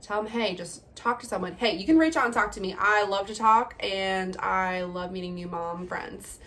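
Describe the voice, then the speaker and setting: A woman's voice: mid-range voice, fairly even intonation, normal speed, fairly bright tone. A young woman records a casual personal vlog, speaking candidly to her viewers as a mother. Her delivery is chatty and loose, full of laughs and fillers. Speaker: vlogger, mother.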